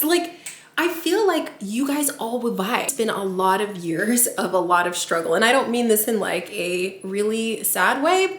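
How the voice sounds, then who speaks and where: A woman's voice: mid-range voice, reverberant. A woman vlogger chatting to her viewers in her kitchen, gushing and chatty, full of filler words. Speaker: vlogger, channel host. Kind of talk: casual chat to camera. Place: home kitchen.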